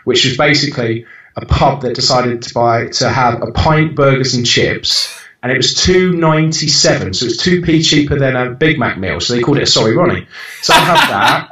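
A man's voice: medium pitch, normal speed, sharp tone. A man in his thirties, a podcast guest talking bluntly and animatedly, swearing freely and often restarting his sentences. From United Kingdom. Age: 30s. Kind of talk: casual interview chat. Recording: roomy, distant and dull-sounding.

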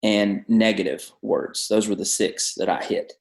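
A pastor with a Southern American accent and a fairly low voice talks through his ideas with an earnest, preaching cadence. He sounds like he is in a room with a noticeable echo around him. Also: a little slow, creaky. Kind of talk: podcast interview. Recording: roomy echo.

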